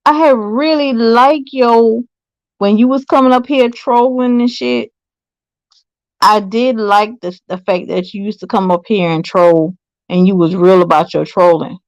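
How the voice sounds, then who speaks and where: A woman's voice: medium pitch, unhurried, no room sound, poor audio. A woman panelist in casual chat, speaking bluntly and confrontationally.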